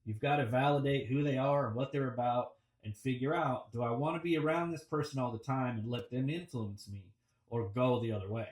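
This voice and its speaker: Over a video call, a man of medium pitch gives a relaxed, reflective coaching talk on public speaking. He often pauses with "um" and restarts sentences, and he sounds roomy and far from the mic.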